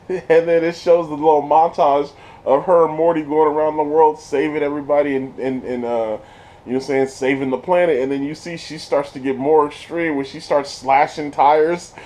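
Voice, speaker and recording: A man giving a casual spoiler review of a TV episode, slangy and excited, laughing often as he retells scenes. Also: a little high, moderate pace.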